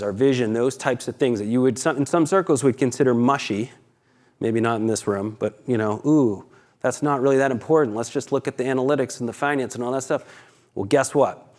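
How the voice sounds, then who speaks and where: Candid, swearing founder from on stage. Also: male voice, mid-range voice, darkish tone. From Boston, USA. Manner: candid, profane, dramatic storytelling with acted quotes. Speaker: keynote speaker, company founder. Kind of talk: conference keynote storytelling. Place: conference stage.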